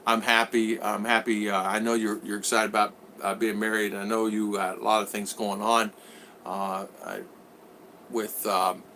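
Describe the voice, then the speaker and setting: A middle-aged man from the United States chats through a casual live stream, reading out viewer comments and wandering off with plenty of ums and uhs. His voice is bright and forward, and faint background noise sits under it. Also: lowish voice, little pitch movement, normal speed. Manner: rambling, reads viewer comments aloud, frequent fillers. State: recovering from a cold. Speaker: vlog host. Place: home in the Philippines.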